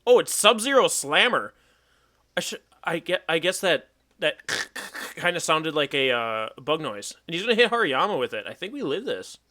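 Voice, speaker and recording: A man's voice: a little high, very animated, moderate pace, bright, forceful tone. A young man chatting casually as he plays and commentates a competitive Pokemon battle, thinking aloud and joking at himself. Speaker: gaming YouTuber.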